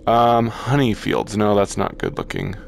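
A man commenting on a virtual reality game as he plays it, talking slowly and haltingly and gushing over the sights. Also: on the low side, steady tone, vocal fry, slight background noise. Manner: slow, halting, awestruck. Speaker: gaming YouTuber. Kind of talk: VR gameplay commentary.

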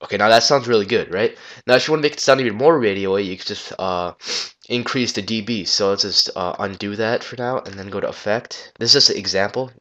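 A man talking through a casual software tutorial on a gaming headset, rambling loosely and swearing now and then. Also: fairly low pitch, fairly quick, few pauses, muffled recording. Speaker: tutorial maker.

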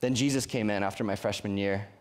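A man's voice: lowish voice, fairly even intonation, quick pace. A young man from Colorado preaching to a youth group in an earnest, conversational way, often restarting his sentences. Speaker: youth pastor. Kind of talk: sermon. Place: church youth service.

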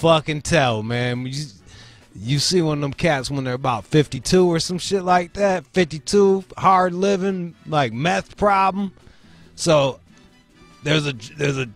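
A man hosting a show, telling a street story in a loose, profane, rambling way. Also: mid-range voice. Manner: profane, rambling, animated retelling. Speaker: show host. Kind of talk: casual storytelling.

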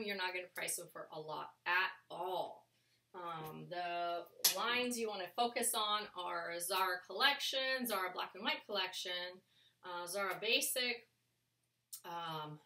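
Woman reseller, unhurried and rambling, crisp bright tone, recorded from a little way off in a roomy space. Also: on the low side. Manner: chatty and rambling, with many fillers. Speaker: clothing reseller showing a thrift haul. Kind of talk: casual vlog chat. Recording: echoey room, mic at a distance.

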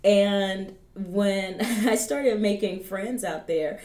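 A woman's voice: mid-range voice, very slow, a little mellow, roomy sound. A woman from the American South with a Southern accent, chatting casually in a reaction vlog and talking straight to her viewers. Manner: chatty, laughs often, addresses viewers directly. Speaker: reaction YouTuber.

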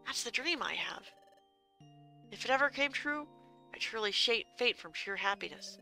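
A woman voicing an eager young creature adventurer from a game, earnest and excitable, reading its lines aloud softly. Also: on the high side, moderate pace, gravelly, faint music behind, full character voice. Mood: dreamy.

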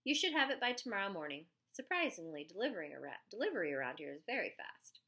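A woman reading a poised, quick young woman. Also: medium pitch, big pitch swings, sharp tone. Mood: calm. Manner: quick, polite. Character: quick-thinking young woman, calm and polite.

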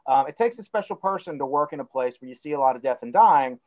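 An energetic, enthusiastic man from North Carolina with a Southern twang, talking as an interview guest on a video call. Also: mid-range voice, fast talker. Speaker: guest, cannabis company CEO. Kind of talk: casual interview talk. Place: outdoors by a plant facility, on a video call. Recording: dull lo-fi video call audio.

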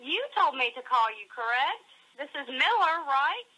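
A woman answers calmly and dryly on a phone call, not rattled at all. Her voice is high and bright. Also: normal speed. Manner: calm, dry, unbothered. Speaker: call recipient.

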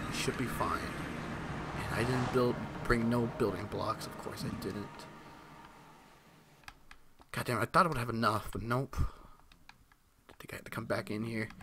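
A man giving live, excitable gameplay commentary, talking to himself, swearing and reacting loudly as he plays. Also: mid-range voice, noisy background.

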